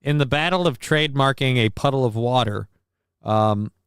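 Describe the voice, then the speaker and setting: A man from the northern United States hosts a casual live stream, reading chat messages and news aloud and cracking crude jokes. His medium-pitched voice is smooth and fairly bright at a normal speed, with a dry, clean studio recording.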